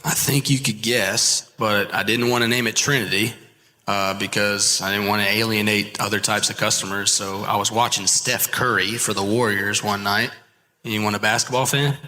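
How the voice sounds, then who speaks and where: A man, a landscaping business owner, giving energetic pep-talk advice as the guest of a live podcast. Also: on the low side, moderate pace. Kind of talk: live podcast interview before an audience. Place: large expo hall with live audience. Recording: long hall reverb.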